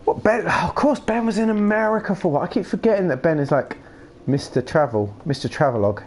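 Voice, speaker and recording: A young man streaming a game and chatting with his viewers in a rambling, playful way, his pitch bouncing all over the place and often sitting a little high. Now and then he breaks into silly shouts. There is a faint hiss of noise behind his desk mic. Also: animated, fast talker. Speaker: live streamer playing a game. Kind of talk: casual chat with live chat.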